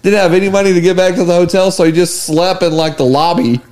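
A man's voice: high voice, steady tone, quick pace, darkish tone. Laughing male podcast host telling stories. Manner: laughing, profane anecdotes with acted quotes. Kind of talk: casual storytelling chat.

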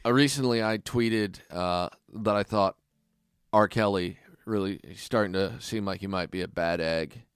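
Deadpan man with a smooth voice. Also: fairly low pitch, measured pace, no echo. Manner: dry, deadpan, slips into mock accents. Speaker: podcast co-host. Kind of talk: casual comedic chat.

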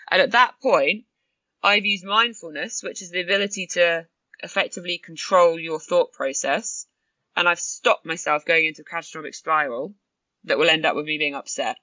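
A woman, a podcast guest talking through her experiences in an animated way and acting out her own thoughts. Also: lowish voice, normal speed, dry recording, highs cut off. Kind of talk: conversational storytelling.

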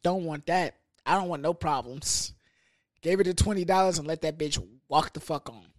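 A young man hosting a podcast, telling a story in a casual, profane, animated way with laughs. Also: on the high side, normal speed, dry recording, clean studio sound. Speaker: podcast host.

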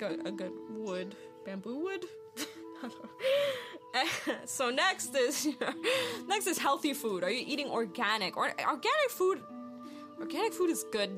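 A woman hosting a spiritual self-help show, chatty and bubbly, laughing often and saying "like" a lot. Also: on the high side. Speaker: host of a wellness podcast.

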